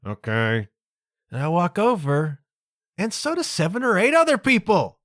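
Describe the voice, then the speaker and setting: A man's voice: high voice, normal speed, dry recording, studio quality. A man in his fifties hosting a podcast, telling a funny story against himself with exasperation. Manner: self-deprecating, animated, exasperated. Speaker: podcast host. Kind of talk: comedic storytelling monologue.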